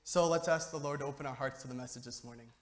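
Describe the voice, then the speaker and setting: A man's voice: medium pitch, very fast. A young man giving an informal sermon to a church, joking and chatty, often checking in with the listeners. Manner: joking, conversational, keeps asking "okay?". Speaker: lay speaker giving a youth sermon.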